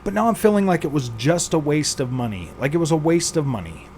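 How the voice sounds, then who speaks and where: A man's voice: fairly high pitch, big pitch swings, quick pace, darkish tone, a little hiss or hum. A man hosting a gaming channel, venting with exasperation, sighing and repeating himself as he rants. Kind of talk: frustrated venting vlog.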